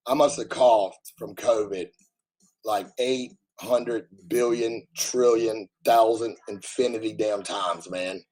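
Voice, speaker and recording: A man from the United States ranting bluntly at his live chat, his voice hoarse and damaged after covid, talking loudly so he can be heard and swearing freely. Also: mid-range voice, steady tone, measured pace, poor audio. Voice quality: husky, strained. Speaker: livestreamer answering chat. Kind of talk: casual live-stream rant.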